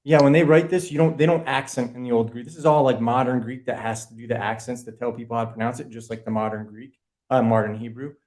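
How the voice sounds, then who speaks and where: A man as a podcast guest, explaining words in a quick, casual way and correcting himself as he goes. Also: mid-range voice, fairly even intonation, a little mellow.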